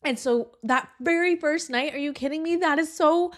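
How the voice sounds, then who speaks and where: A woman with a fairly high voice speaks gently and reassuringly in a casual podcast chat. She affirms and comforts her friend. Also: moderate pace. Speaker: podcast co-host.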